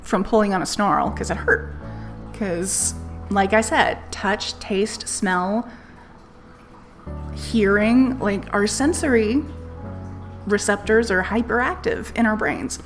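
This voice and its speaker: A woman's voice: medium pitch, slow pace, pauses often. Candid woman telling a story. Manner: candid, swears freely, laughs while telling. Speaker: streamer. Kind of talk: casual storytelling on a live stream. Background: faint music playlist.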